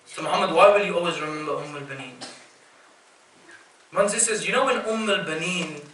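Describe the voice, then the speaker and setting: Man, UK, mourning sermon, emotive, bright tone, far from the mic, faint room hum. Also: a little high, a little fast. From United Kingdom. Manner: emotive, addresses the crowd as brothers and sisters. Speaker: religious reciter. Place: mosque hall. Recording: echoey hall, distant mic, faint noise.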